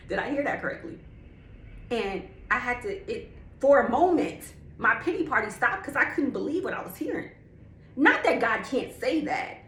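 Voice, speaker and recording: A woman's voice: a little high, a bit bright. A young woman giving a candid, slangy faith testimony, emphatic and drawing out key words. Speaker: faith speaker. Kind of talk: personal testimony. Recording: echoey room with faint ambient noise.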